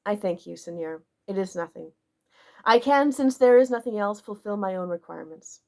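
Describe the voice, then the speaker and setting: This is a grand, vague foreign gentleman speaking with hushed, formal courtesy, as a woman reads him aloud. His voice sits lower and quieter than the narration around it, unhurried and dignified. It belongs in an audiobook. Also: lively intonation, gravelly. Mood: courtly. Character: stately foreign male stranger, courtly and vague.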